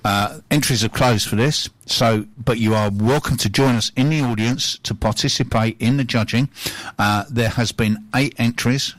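A man's voice: medium pitch, dry recording. A man co-hosting a casual radio chat show, a jokey storyteller who laughs often. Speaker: radio co-host.

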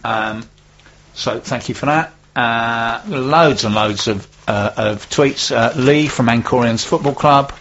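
A man's voice: mid-range voice, takes it slowly, fairly bright tone, muffled recording. A man hosting a local business radio show in casual chat, rambling with plenty of fillers. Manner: chatty, rambling, many fillers.

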